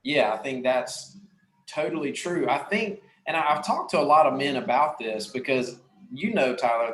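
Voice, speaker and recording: A man's voice: medium pitch, fairly bright tone. Chatty male host in an echoey room. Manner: upbeat, chatty, addresses viewers. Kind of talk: casual panel talk. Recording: roomy echo.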